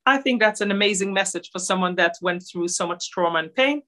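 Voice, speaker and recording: A woman who grew up in Israel, giving an earnest talk over slides at a Holocaust centre, with many pauses and fillers. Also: mid-range voice, pushed and bright.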